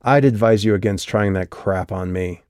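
A hard-edged young woman with a biting, clipped delivery, voiced by a male audiobook narrator. She speaks low and close on a dry mic. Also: normal speed, darkish tone, dry recording, close to an everyday voice. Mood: defiant. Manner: curt, sneering, defiant. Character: sharp-tongued tough young woman. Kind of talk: audiobook character voice.

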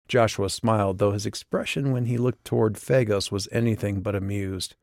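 A man giving measured, scripted audiobook narration. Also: on the low side, fairly even intonation, vocal fry, darkish tone, no room sound, studio quality.

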